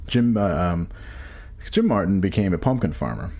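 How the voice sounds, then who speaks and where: A man's voice: sits low, expressive, moderate pace, dark tone, breathy edge. A man co-hosting a podcast in casual banter, rambling and profane, often trailing off and restarting sentences. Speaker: podcast co-host.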